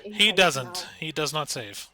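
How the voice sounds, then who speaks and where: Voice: mid-range voice, sing-song, slow pace, sharp tone, faint music behind. Laid-back, chuckling game master. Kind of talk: narrating a tabletop game.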